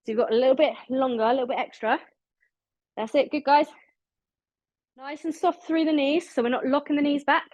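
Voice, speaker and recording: A British fitness instructor leads an online exercise class, counting down reps and cheering everyone on in an upbeat, encouraging way while slightly out of breath. Her voice sits high, steady, and a little mellow, brisk but with long pauses, with no echo.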